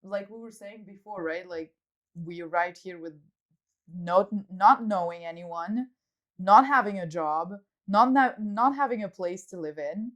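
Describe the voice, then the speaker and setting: A woman's voice: lowish voice, a little slow, a bit bright. A woman in her thirties from Belgium with a French-speaking Belgian accent, co-hosting a podcast in casual chat, laughing often and using lots of fillers. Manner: laughing, agreeing, filler-heavy. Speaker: podcast co-host.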